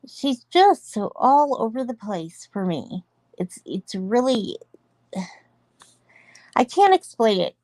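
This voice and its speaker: Co-host, woman, mid-pitched voice, earnest and emotional, dry close recording. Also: a little mellow, no room sound. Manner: earnest, emotional, laughs between points. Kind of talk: casual chat about online drama.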